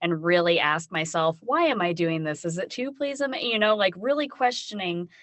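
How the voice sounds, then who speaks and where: A woman's voice: on the low side, lively intonation, normal speed, fairly bright tone, no room sound. A woman hosting a podcast interview who speaks frankly and outspokenly, with wry asides. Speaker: podcast host. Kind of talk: casual interview chat.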